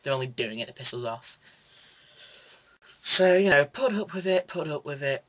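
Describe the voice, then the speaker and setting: A young man tells a story in a casual vlog, ranting sarcastically about a bus trip and tossing in mock French asides. His voice is a little high and his pace moderate, with an animated delivery.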